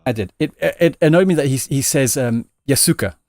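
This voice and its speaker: A man streaming live talks casually to his viewers in a mid-pitched voice, blunt and emphatic, piling up repeated phrases. The sound is dry and close, with faint music playing underneath. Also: a little fast, darkish tone, dry recording. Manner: emphatic, stacks repeated phrases and trails into restarts; blunt and exasperated, swears for emphasis.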